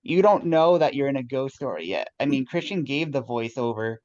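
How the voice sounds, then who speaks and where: A man's voice: mid-range voice, expressive, fairly quick, darkish tone, no echo. A man directing a rehearsal, giving notes to actors in a rambling way with many restarts. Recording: dull dry lo-fi sound.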